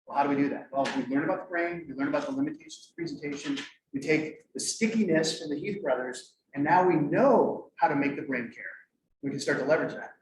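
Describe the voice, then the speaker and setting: A middle-aged man presenting at a conference, lively and joking as he quizzes the audience. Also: fairly high pitch, quick pace. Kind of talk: interactive workshop talk. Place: conference room. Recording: echoey room, mic far off, faint noise.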